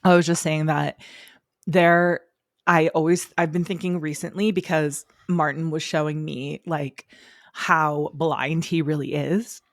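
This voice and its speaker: A woman's voice: sits low, flat delivery, measured pace, dry recording, clean studio sound. A woman co-hosting a podcast in a casual chat, frank and blunt, with casual swearing. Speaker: podcast co-host.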